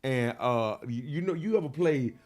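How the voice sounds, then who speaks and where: A man telling a wild personal story in an interview, slangy and profane, full of fillers, getting loud and animated as he acts it out. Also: medium pitch, moderate pace. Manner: grows loud and animated when reenacting. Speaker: interview guest.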